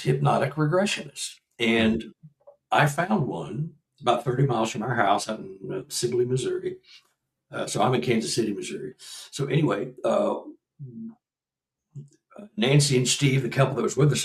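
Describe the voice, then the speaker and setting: A man in his sixties, a guest researcher and author, telling a personal story in a casual conversation, animated and laughing as he acts out what people said. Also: medium pitch, vocal fry, roomy sound, far from the mic, low-quality recording. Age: 60s.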